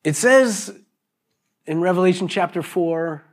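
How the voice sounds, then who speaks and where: A middle-aged man preaching a sermon in an animated, jokey way, acting out little voices as he goes. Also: sits high, a little slow. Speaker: pastor.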